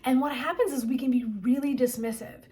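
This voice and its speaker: A woman's voice: high-pitched, brisk, warm tone. A woman wellness coach and therapist giving a motivational talk, chatty and emphatic, often asking "right?". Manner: chatty and emphatic, frequent 'like' and 'right?'.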